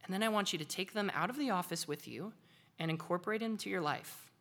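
A woman puts on an older man playing a psychologist in a comedy sketch, with a blunt, deliberate manner. The voice sounds bright and fairly low.

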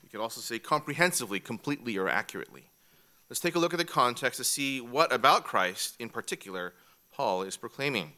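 A man's voice: medium pitch, expressive, fast talker, pushed and bright. A man teaching a church class from an outline, methodical and repeating each key point. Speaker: Bible teacher.

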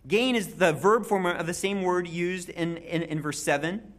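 A preacher giving an expository sermon in an animated way, with jokey asides and frequent restarts. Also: medium pitch, moderate pace.

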